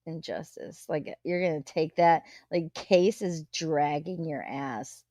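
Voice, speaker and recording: Slow-talking chatty woman livestreamer. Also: low-pitched, mellow, no room sound, clean studio sound. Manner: chatty, gossipy, greets viewers, swears and laughs. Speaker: livestream host. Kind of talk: casual live chat.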